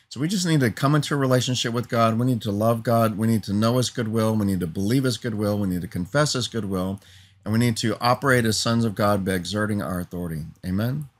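A man's voice: mid-range voice, fast. A man preaching an earnest teaching sermon, building emphatic lists and often asking "Amen?" for assent.

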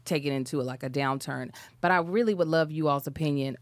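A woman's voice: low voice, fast talker, no echo. Teasing, blunt woman in a chat. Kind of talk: casual chat.

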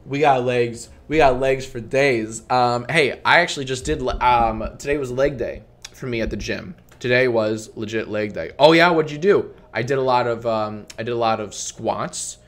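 A young man streaming live in loose comedic banter, his voice sitting at an ordinary middle pitch. He swears nonstop and talks with playful mock bravado, sometimes loudly booing to heckle. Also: moderate pace, hardly any pauses. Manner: loud heckling boos.

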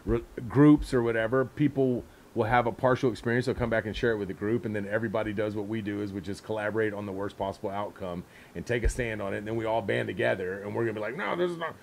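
A man co-hosting a podcast, joking in relaxed casual chat. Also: on the low side, quick pace, slight background noise. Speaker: podcast co-host.

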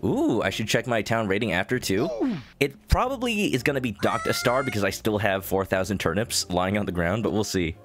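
A man's voice: on the low side, big pitch swings, fairly quick, fairly bright tone, faint music behind. A man streaming a game, chatting casually with viewers, laughing often and greeting chat by name. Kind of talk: casual gaming livestream chat.

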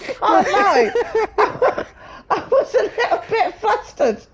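A woman gaming with a friend, excitable, swearing and shrieking with laughter. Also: very high-pitched, slow, heavy background noise. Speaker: gamer streamer. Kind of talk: casual co-op gameplay chat. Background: game music.

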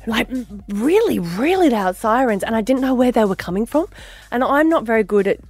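An Australian woman co-hosting a breakfast radio show, telling a story in a lively, animated way and acting out her own panicked lines. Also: on the high side, brisk, breathy edge, dry recording, faint music behind. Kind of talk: casual breakfast radio chat.

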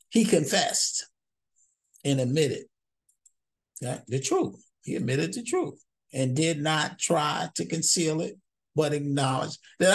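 Husky, gravelly-voiced male Bible teacher. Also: medium pitch, very animated, slow pace, long pauses. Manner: conversational, frequent "okay?" check-ins, repeats words. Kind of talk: casual verse-by-verse Bible teaching.

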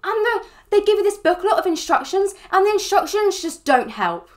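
A young woman talks in a high, light voice, rambling casually and scattering fillers as she reacts. She sounds relaxed and conversational, in her twenties. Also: moderate pace. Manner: chatty, rambling, filler-heavy. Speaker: reaction video host. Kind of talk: casual chat.

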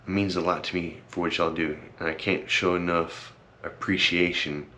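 A man's voice: low-pitched, level tone, normal speed, bright, forceful tone, slight background noise. A young man talking casually to his camera, rambling and earnest, with many fillers and repeated thanks, and teary at times. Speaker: vlogger. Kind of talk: casual heartfelt vlog talk.

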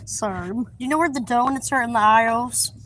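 A woman's voice: fairly high pitch, normal speed, a bit bright. A woman vlogging as she shops in a store, rambling and giggling to herself. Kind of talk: casual chat while shopping. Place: inside a busy store. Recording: noisy store background.

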